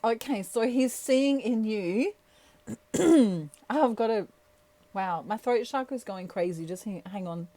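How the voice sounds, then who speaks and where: A woman's voice: fairly high pitch, expressive, takes it slowly, warm tone, no room sound. A woman chatting playfully through a tarot reading, laughing often as she talks. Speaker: tarot reader. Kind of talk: casual tarot reading monologue.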